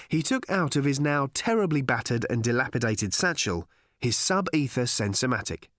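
A man narrating an audiobook in a dry, measured, wry storytelling manner. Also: fairly high pitch, sing-song, no room sound.

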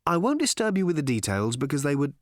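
A man's voice: on the high side, big pitch swings, no room sound, clean studio sound. A man voicing a breezy, eccentric alien wanderer, raising his voice and talking airily and cheerfully, in an audiobook reading. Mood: airy. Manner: airy, cheerfully infuriating, quick. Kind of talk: audiobook character voice.

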